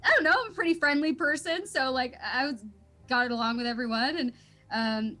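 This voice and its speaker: A woman's voice: high voice, a little fast, bright, forceful tone. A young woman telling a story in a casual interview, bubbly and laughing often, full of fillers. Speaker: voice actor guest.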